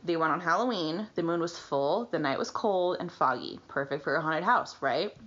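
Animated woman podcast host, lo-fi. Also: deep voice, moderate pace. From Britain. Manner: animated, swears casually, laughs often. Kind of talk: casual chat, reading a listener story.

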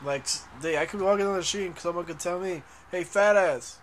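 A young man chats casually and profanely, laughing often and trailing off mid-sentence. His voice is a little high for a man. A faint hiss sits behind him. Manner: profane, laughing, halting restarts. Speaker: podcast co-host. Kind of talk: casual chat.

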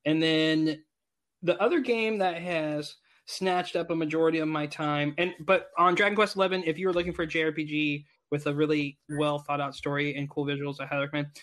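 A man in his thirties with a slightly higher voice, chatting on a gaming podcast. He talks with eager enthusiasm, rambling and restarting his sentences as his ideas tumble out. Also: fairly even intonation, fairly quick, a bit bright. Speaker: podcast co-host. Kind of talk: casual gaming podcast chat.

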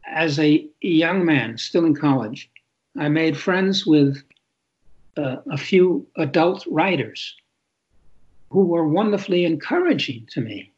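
An older man speaks in a husky voice pitched slightly high, answering an interviewer candidly. He pauses and repeats himself as he thinks aloud. The recording is muffled and lo-fi. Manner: reflective, halting, repeats words. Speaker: author and interview guest.

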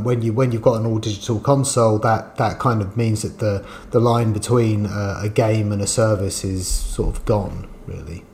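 A man's voice: lowish voice, darkish tone, slight background noise. A man co-hosting a games podcast, musing and thinking aloud in long sentences. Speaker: games journalist podcast co-host. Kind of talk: casual podcast discussion.

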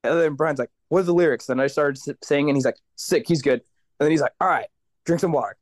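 A man's voice: fairly high pitch, fast, a little mellow, dry recording. A man, a guest vocalist in a casual interview, telling stories animatedly, acting out the voices of others and swearing casually.

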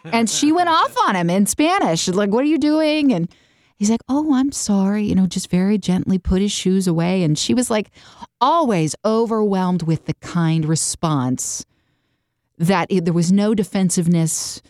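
A woman hosting a faith-based podcast, chatting and telling stories with animated, lively delivery and quick jumps into voices. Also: medium pitch, no room sound, clean studio sound. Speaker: podcast host.

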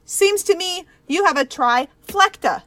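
A precocious, nosy little girl, played by a woman, who speaks slowly and earnestly in a high voice. She has a halting, childlike manner. The recording is dry and close. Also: lively intonation, fairly bright tone, dry recording, full character voice. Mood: earnest accusing. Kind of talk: improvised comedy podcast.

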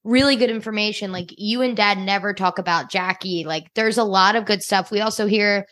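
A woman co-hosting a casual TV recap podcast, retelling scenes in an animated way and acting out the characters. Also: mid-range voice, fairly quick. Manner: animated storytelling, acts out scenes. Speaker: podcast co-host.

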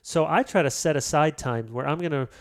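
A man's voice: on the high side, brisk. A middle-aged man, a pastor and author, speaking earnestly as an interview guest and acting out quotes as he tells stories. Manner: earnest, animated storytelling with acted-out quotes. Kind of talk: casual interview conversation.

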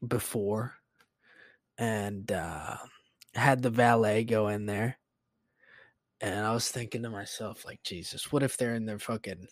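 A man's voice: medium pitch, dry recording, clean studio sound. A man who is a teacher, hosting a podcast in rambling, profane casual chat. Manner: rambling and profane, many fillers. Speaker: podcast host.

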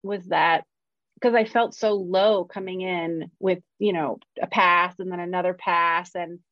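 A woman's voice: on the low side, fairly even intonation, unhurried, no echo. A woman screenwriter talking candidly in conversation, frank and self-deprecating, swearing freely. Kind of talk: candid personal storytelling in conversation. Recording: dull, dry lo-fi recording.

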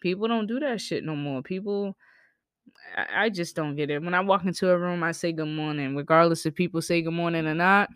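A woman's voice: on the low side, a little fast, fairly bright tone, smooth, dry recording, studio quality. A woman from the American South with a Southern accent, telling blunt, profane stories as a podcast host. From Southern United States. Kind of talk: candid storytelling monologue.

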